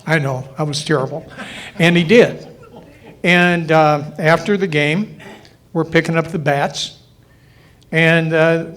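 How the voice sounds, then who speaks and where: An older man on a panel, telling jokey personal anecdotes and laughing often. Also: on the high side. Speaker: panel guest. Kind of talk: storytelling at a banquet panel.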